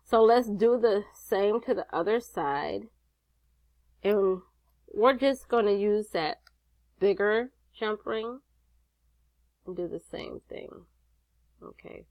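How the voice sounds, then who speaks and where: A jewelry-making instructor with a grandson speaks slowly in a mid-range, gravelly, slightly mellow voice, pausing often, with no room sound. She's sassy and chatty as she walks viewers step by step through a craft tutorial, swearing casually.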